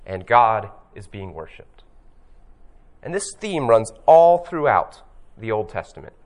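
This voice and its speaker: A man teaching about scripture in a reflective, storytelling way, slowing down to stress key phrases. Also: on the low side, sing-song, a little mellow. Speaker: Bible teacher.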